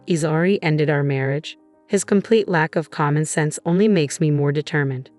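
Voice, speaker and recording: A woman narrating a first-person story in a steady, measured manner. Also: sits low.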